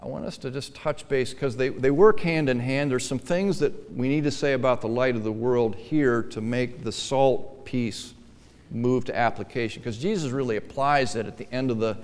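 A man pastor preaching a sermon in a church, emphatic, dropping to quiet asides and then pressing hard on key lines. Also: mid-range voice, moderate pace, long reverb tail.

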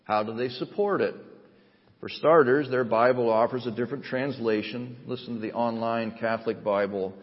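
A man preaching a sermon in a measured, earnest way, pressing his points with emphatic rises. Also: mid-range voice. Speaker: pastor. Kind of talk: sermon with scripture reading. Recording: dull sound with long hall reverb.

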